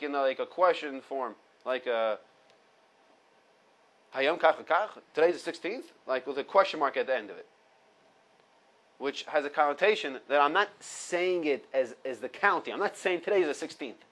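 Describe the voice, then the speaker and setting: A Torah teacher with a fairly high, somewhat bright voice and lively intonation teaches an informal halacha class at a moderate pace. He reads Hebrew sources and unpacks them in English step by step, mixing in Hebrew quotes and restating key points, and the recording quality is low.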